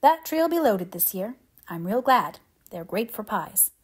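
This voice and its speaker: A woman's voice: mid-range voice, very animated, a little slow, husky. A woman voicing a stern, practical older woman with a dry, matter-of-fact way of talking.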